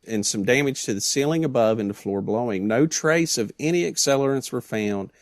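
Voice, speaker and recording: A man's voice: medium pitch, fairly quick, no room sound. A man co-hosting a podcast, reading case reports aloud and adding dry joking asides. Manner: dry, joking asides between read passages. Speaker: podcast co-host.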